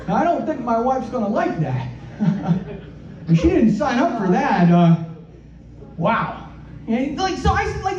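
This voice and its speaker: A man doing a stand-up comedy set in a comedy club. He talks in halting, self-deprecating bursts and repeats his words often. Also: very high-pitched, sing-song, a little mellow. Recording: roomy, dull club recording from a distance.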